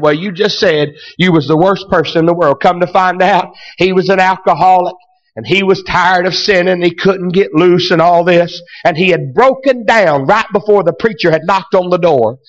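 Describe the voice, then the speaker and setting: A man preaching a sermon, telling a story that builds to shouted exclamations. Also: sits high, lo-fi sound. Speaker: pastor.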